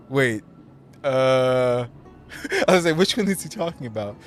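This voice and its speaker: A man plays through a video game and reads its lines aloud at a middle pitch. He does voices for the characters and reacts with laughter as he goes. Faint game music runs behind him. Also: sing-song, unhurried. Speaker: game streamer. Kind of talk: casual let's-play commentary.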